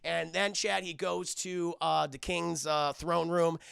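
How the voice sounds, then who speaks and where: Excitable, gravelly-voiced male streamer. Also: fairly high pitch, slow, no room sound, clean studio sound. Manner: excitable, profane, addresses chat, frequent restarts. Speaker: streamer recapping a cartoon episode. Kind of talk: casual live-stream recap.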